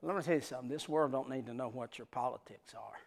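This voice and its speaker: A man preaching a sermon, telling stories, swinging from loud hollering to soft, tender passages in a folksy Southern preaching cadence. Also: medium pitch, fast talker, creaky. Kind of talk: sermon with storytelling.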